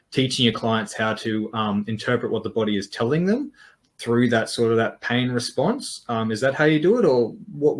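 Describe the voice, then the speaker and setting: A man hosting an interview, asking long, rambling questions and responding with enthusiasm. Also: fairly low pitch. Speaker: podcast host. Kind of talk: interview conversation.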